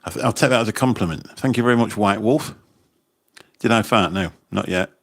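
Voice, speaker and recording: A man's voice: lowish voice, fairly quick, gravelly. A man hosting a casual livestream, chatting in a rambling way and often repeating his words as he talks into a phone. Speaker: livestream host and taxi driver. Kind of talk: casual livestream chat reading comments.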